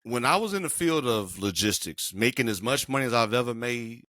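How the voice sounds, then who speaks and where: With a clean studio sound and no echo, a middle-aged podcast co-host tells a story about himself in casual conversation. He's animated and brisk, his mid-range voice sharp, and his delivery emphatic and slangy.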